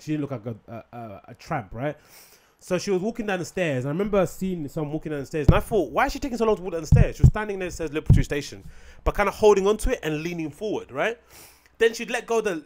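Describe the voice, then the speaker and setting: A man hosting a solo podcast, rambling sarcastically and swearing freely, sometimes mocking others in shrill put-on voices. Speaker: podcast host.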